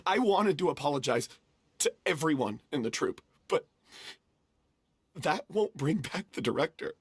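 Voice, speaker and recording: A man's voice: on the high side, sing-song, normal speed, breathy edge, dry recording, studio quality. An actor playing a remorseful young male troupe actor who blames himself, in game voice acting. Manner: remorseful, self-blaming.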